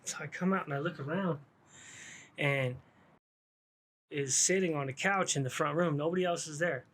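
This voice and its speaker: A man spins a yarn from his past in a loose, slangy, laid-back way, cursing as he goes. His voice sits a little higher than most men's. He talks like he's kicking it with friends. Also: normal speed, a bit bright. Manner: slangy, laid-back street talk with frequent swearing. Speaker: vlogger telling his own story. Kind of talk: casual storytelling to camera.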